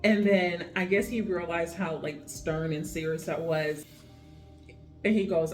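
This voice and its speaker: A woman's voice: deep voice, moderate pace, a little mellow. A woman nurse chatting to her viewers in a casual vlog, telling stories about her patients and calling the audience y'all. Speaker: remote nurse vlogger. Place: home. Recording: echoey room with faint music.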